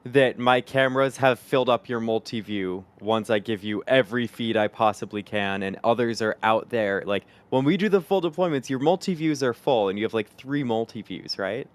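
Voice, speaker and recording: A man's voice: mid-range voice, normal speed, hardly any pauses. A man hosting a livestream, reading out viewer messages and thanking supporters in an upbeat way. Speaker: livestream host. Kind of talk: live-stream hosting, reading super chats.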